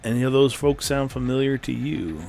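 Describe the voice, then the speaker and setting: A man's voice: mid-range voice, expressive, normal speed, gravelly, mellow. A man playing a tabletop game, easygoing and a bit hesitant as he speaks. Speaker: player. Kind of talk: casual tabletop play.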